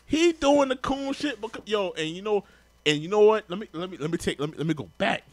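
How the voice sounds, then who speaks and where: A man's voice: extremely high pitch, brisk, a bit bright, dry recording. A man, heatedly ranting and swearing through casual podcast commentary. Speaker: podcast co-host.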